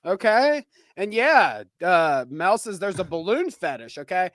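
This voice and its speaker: A man co-hosting a live podcast, swearing freely and laughing at his own jokes. His pitch leaps up and down as he gets worked up. The sound is dry and close, with almost no room around it. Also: a little slow, no room sound. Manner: animated, crude, laughs often. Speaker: podcast co-host. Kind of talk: casual live-stream chat.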